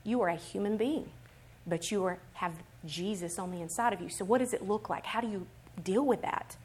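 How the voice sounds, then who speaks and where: A woman preaching a sermon in an animated, emphatic way, swinging between quiet explanation and loud, rising declarations. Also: medium pitch, brisk, breathy edge. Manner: acts out other people's voices in quotes.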